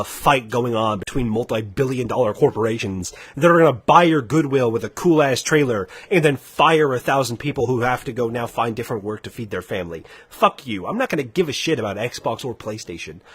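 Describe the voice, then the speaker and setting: A man's voice: mid-range voice, fairly bright tone, husky, no room sound. Man in a heated, profane rant. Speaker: gaming podcast co-host. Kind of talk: casual livestream chat.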